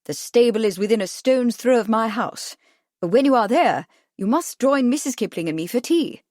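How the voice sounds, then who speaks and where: Lady narrator doing a pipe-smoking gent, emphatic and a bit loud, dry close mic. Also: on the high side, lively intonation, moderate pace, no room sound, voice pushed up, natural voice. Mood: exclaiming. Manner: emphatic, exclaiming. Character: blunt emphatic English writer, pipe-smoking man.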